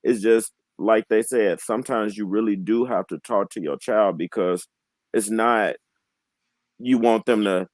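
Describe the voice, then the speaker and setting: A man in his twenties speaking as a guest on a candid panel. He talks in an earnest, heartfelt way, often halting and restarting his sentences. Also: on the low side, dry recording, low-quality recording. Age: 20s. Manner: heartfelt, emotionally open.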